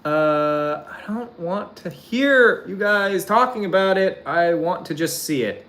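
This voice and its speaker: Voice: mid-range voice, expressive, slow, fairly bright tone. A streamer chatting casually to their viewers, rambling, swearing often and filling every sentence with "like". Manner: laughs while describing a clip. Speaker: streamer talking to chat.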